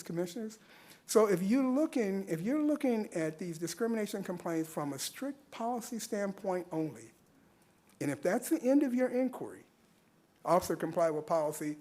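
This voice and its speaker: A man's voice: high-pitched, darkish tone. A man speaking earnestly at a public meeting, using rhetorical questions and repeating points for emphasis at a podium microphone. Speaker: public commenter. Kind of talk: public comment at a civic meeting.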